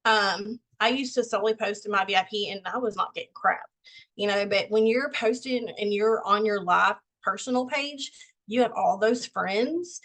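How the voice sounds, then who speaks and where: A woman's voice: mid-range voice, moderate pace, a bit bright, rough recording. A young woman on a video call giving a casual, folksy pep talk to her team, a bit out of breath. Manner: candid, folksy, self-deprecating. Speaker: team member sharing sales tips.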